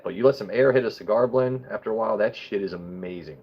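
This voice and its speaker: A man's voice: on the low side, quick pace, highs cut off. A young man hosting a live stream, chatting loosely with viewers and swearing while he tastes whiskey. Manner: loose, swearing, talks straight to chat. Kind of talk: casual live-stream chat and whiskey tasting.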